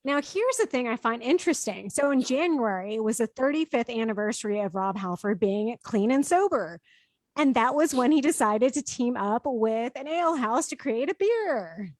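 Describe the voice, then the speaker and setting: A woman's voice: on the high side, animated, normal speed, dry recording. A woman hosting a casual podcast chat, talking freely and steering the group to the week's stories. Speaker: podcast host.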